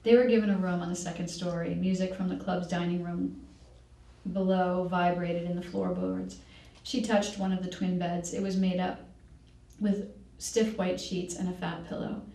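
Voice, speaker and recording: A woman reading from a novel at a library event, her voice low with a gravelly fry. She reads in a measured way and corrects herself now and then. She sounds distant in an echoey room. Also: flat delivery, dark tone. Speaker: author reading.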